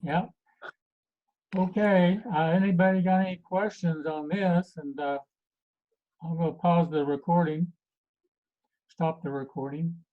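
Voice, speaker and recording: A man acting as a health coach, giving a casual talk to a group and pausing often with many fillers. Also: a little high, fairly even intonation. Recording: tinny phone-like recording.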